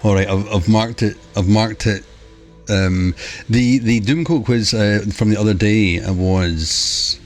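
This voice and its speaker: A man's voice: on the low side, slow pace, soft background music. A man rambling and joking with his chat while live-streaming a game, wearing a headset. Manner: rambling, jokey, talks to chat. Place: home room.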